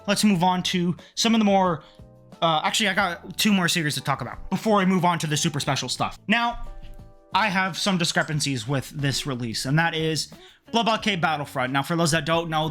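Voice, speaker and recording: A man talking casually in a haul vlog, excitable and quick to get heated, swearing freely as he rants. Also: fairly high pitch. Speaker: manga collector vlogger.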